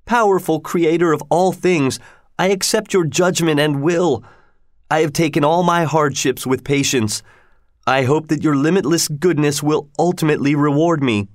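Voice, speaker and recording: Voicing a proud young king who talks in a stern, formal manner, a man speaks at a moderate pace with a fairly high, natural voice pitched above his own. The mood is that of a solemn prayer, captured in clean studio sound with no room sound.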